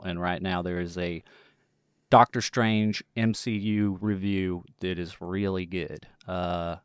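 A man's voice: low voice, smooth, no room sound, studio quality. A man from East Texas hosting a podcast in a folksy East Texas accent, with casual chat. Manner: folksy, plays up a Texas drawl. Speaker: podcast host.

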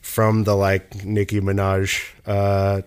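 A man's voice: deep voice, completely flat delivery, slow pace, clean tone. A young man in casual conversation, talking at length about music production, with lots of fillers and restarts. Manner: rambling, many fillers and restarts.

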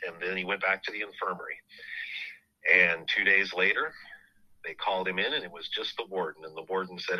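A middle-aged man recounts a family story on his podcast, stopping and restarting his sentences as he goes. His voice sits low but comes across sharp and forceful. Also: fairly even intonation, poor audio. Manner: halting, full of restarts and you-knows. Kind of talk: casual storytelling.

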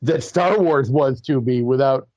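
A man co-hosting a casual podcast, talking in an animated way with stammered restarts and exasperated emphasis. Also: medium pitch, measured pace, no echo, dull audio. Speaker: podcast co-host.

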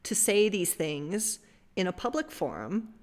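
A woman sports journalist in casual panel chat, emphatic and quick with quips. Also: fairly low pitch, big pitch swings, a little mellow.

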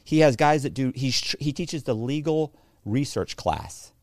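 A man's voice: mid-range voice, a little slow. A man with a middle-range voice tells a winding personal story in a casual interview. He restarts sentences and corrects himself often. The sound is dry and close, with no room echo. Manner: rambling, frequent restarts and self-corrections; animated anecdote-telling, mimics others in dialogue. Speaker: interview guest.

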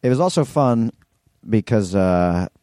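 Podcast co-host, male, mellow tone, dry close sound, loose rambling, cursing. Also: on the low side, lively intonation, a little slow, no room sound. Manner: loose, rambling, swears freely. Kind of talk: casual chat.

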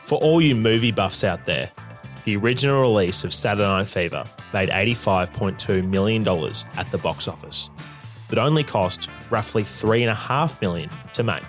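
A man with a lowish voice reads a documentary voice-over in a wry, matter-of-fact tone. Faint music plays underneath his narration. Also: animated, moderate pace, a bit bright. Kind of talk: scripted narration.

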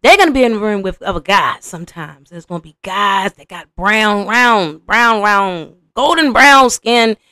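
A young adult woman hosting a podcast, giving blunt, profane, animated reaction commentary. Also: mid-range voice, normal speed, few pauses, no room sound, clean studio sound. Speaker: podcast host.

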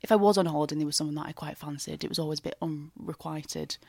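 A woman's voice: sits low, fairly even intonation, very fast, vocal fry, darkish tone. A woman with an Oldham accent, a guest in a casual chat, telling self-mocking stories. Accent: Oldham, Northern English. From Oldham, England. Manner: chatty, self-mocking storyteller, swears.

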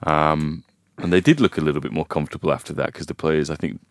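A man's voice: very deep voice, fairly even intonation, quick pace, no echo, clean studio sound. A man discussing a football match in a casual podcast chat, thoughtful and hesitant, with frequent fillers. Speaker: football pundit.

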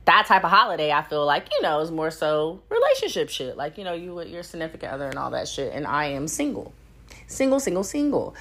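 A woman's voice: low-pitched, a bit bright. A young woman hosting her own podcast, chatting casually and candidly, swearing freely and laughing often. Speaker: podcast host. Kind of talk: casual solo podcast chat.

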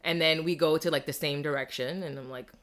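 A woman's voice: sits low, steady tone, fairly quick, fairly bright tone. A woman hosting a podcast, telling a story in a casual, slangy way. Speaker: podcast host.

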